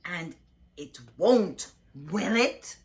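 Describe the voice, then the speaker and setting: Lady doing a scratchy mean substitute teacher, stern and slow, storybook read-aloud. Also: on the low side, expressive. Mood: menacing. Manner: stern, bossy, slow and loud. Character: scratchy strict villainous substitute teacher woman.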